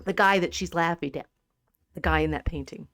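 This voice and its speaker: Animated, laughing woman podcast host. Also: on the low side, brisk, no room sound, clean studio sound. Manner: animated and laughing, with frequent restarts and asides. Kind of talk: casual podcast discussion about literature.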